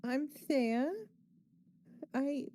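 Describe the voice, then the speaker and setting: Woman as gentle adventurer, kind, reassuring, mellow, slightly hesitant. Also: sits high, steady tone, extremely slow, a little hiss or hum.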